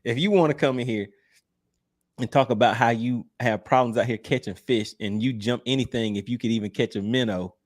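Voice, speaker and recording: A man's voice: medium pitch, a little fast. A man hosting a livestream, reading viewer comments aloud in an easygoing, teasing way and laughing often. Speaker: livestream host.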